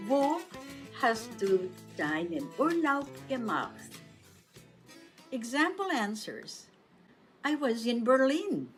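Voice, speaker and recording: A woman hosting a radio German lesson, repeating words and phrases for listeners. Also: a little high. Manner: slow, drawn-out drill with repeated phrases. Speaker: German language segment host.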